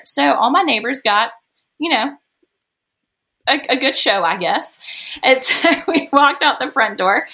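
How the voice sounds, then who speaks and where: Chatty woman with a gravelly edge. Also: fairly high pitch, very animated, a little slow, pushed and bright. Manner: chatty, laughs often between sentences. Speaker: podcast guest. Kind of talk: casual storytelling.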